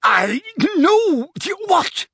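A man's voice: extremely high pitch, big pitch swings, drawn-out words, sharp tone, dry recording, studio quality, voice pushed up, full character voice. A man voicing a shifty middle-aged petty thief who wheedles and splutters, in an audiobook. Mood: spluttering. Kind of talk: audiobook character voice.

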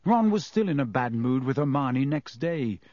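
A man narrating a children's novel in an expressive storytelling manner. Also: mid-range voice, normal speed, no room sound. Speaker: audiobook narrator. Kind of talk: scripted narration.

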